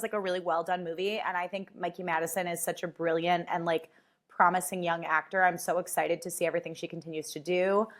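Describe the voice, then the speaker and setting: A woman hosting her own podcast, telling stories in a casual, animated way, full of fillers and swearing, and acting out the voices she quotes. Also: lowish voice. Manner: chatty, filler-heavy, swears freely. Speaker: podcast host. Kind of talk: casual chat.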